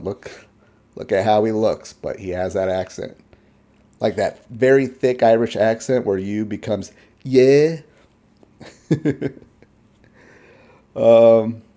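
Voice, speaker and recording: Man commentator, low mellow voice, lively swings, blunt rambling reactions.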